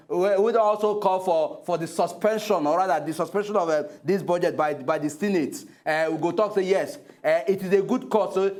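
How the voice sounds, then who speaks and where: High-voiced Nigerian Pidgin co-host, halting. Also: male voice, darkish tone. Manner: pleading, hesitant, then indignant. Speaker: TV talk show co-host. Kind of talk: heated political debate in Pidgin.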